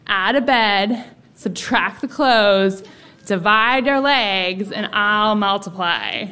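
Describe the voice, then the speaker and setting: A woman voicing a cocky teenage boy, a basketball star, delivering a cheesy pickup line low and slow. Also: bright, forceful tone, slight background noise, exaggerated voice. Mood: sly.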